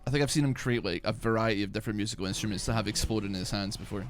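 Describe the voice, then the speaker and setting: A man's voice: lowish voice, racing, soft background music. A young man streaming a video game, chatting casually in a rambling, profane way with many filler words. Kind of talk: casual chat while playing a video game.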